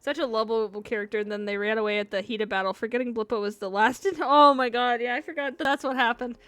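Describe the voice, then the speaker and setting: Bright, sleepy woman streamer chatting. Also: fairly high pitch, fast, faint music behind. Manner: animated, swears casually, laughs often. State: sleepy, yawning. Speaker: game streamer. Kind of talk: casual chat while playing a video game.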